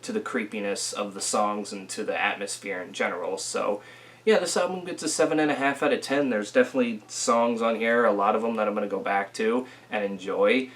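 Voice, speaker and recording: A young man giving a casual, rambling album review, full of fillers and restarts, a little rough from a recent illness. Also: lowish voice, fairly even intonation, a little fast. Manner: rambling, filler-heavy, self-correcting. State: recovering from illness, occasional coughing.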